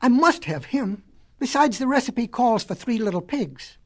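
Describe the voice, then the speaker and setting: A woman's voice: fairly high pitch, animated, moderate pace. A woman putting on a boastful big bad wolf. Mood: blustering. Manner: blustering, commanding.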